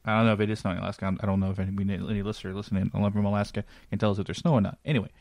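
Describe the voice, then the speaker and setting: Blunt, low-voiced man hosting a podcast. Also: little pitch movement, racing, gravelly, darkish tone, no echo. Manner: casual and blunt, swears freely, asks questions. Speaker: podcast host. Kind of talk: casual podcast chat.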